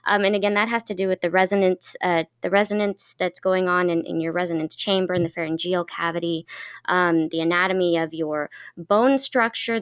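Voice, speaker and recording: A woman coaching a voice acting class, talking in a chatty, clear-toned way with lots of fillers. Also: fairly low pitch. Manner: chatty, laughs often, many fillers. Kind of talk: teaching a class. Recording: dull lo-fi recording.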